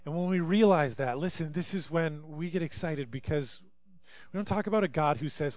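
A young man preaching a sermon as a pastor, telling stories with big swings from hushed to loud. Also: fairly high pitch, fairly quick, no room sound. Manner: animated storytelling, swinging from quiet to loud.

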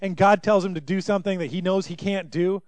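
A man's voice: high voice, steady tone, fairly quick, a little mellow, dry recording. A man preaching a sermon as pastor, in an earnest, emphatic way.

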